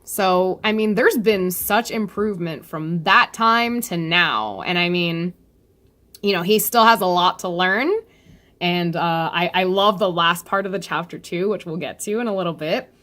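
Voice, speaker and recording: A woman's voice: on the low side, unhurried. Chatty laughing woman reviewing comics. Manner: chatty and animated, laughs often, swears casually. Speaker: webcomic chapter reviewer. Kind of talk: casual chat reading and reacting to a comic.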